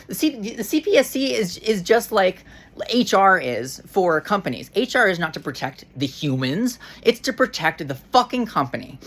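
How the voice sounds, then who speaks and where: A woman's voice: mid-range voice, very animated, moderate pace, fairly bright tone, slightly rough. A woman ranting to camera in a casual vlog, heated and frustrated, swearing often and restarting her sentences. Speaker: vlogger.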